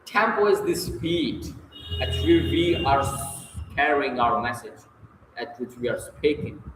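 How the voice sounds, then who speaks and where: Reading textbook exercises aloud and answering them, this self-study reader keeps things casual and fixes his own mistakes as he goes. He speaks in a mid-range voice with lively intonation, at an unhurried pace. The background is noisy, and the echoey room adds faint ambience.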